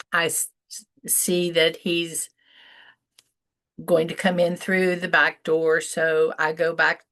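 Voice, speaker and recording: An older woman with a gravelly edge tells a personal story at an unhurried, measured pace. She lingers on pauses for effect and jumps high and loud when she quotes what someone said. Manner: slow and deliberate with dramatic pauses; rises high and loud when quoting dialogue. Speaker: speaker telling a personal story. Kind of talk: storytelling talk.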